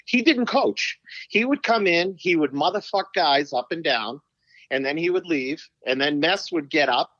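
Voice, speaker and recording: A middle-aged man, a former pro hockey player, telling stories as a podcast guest in a profane, animated way, acting out quotes. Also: a little high, moderate pace, no echo, lo-fi sound. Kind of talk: casual storytelling interview.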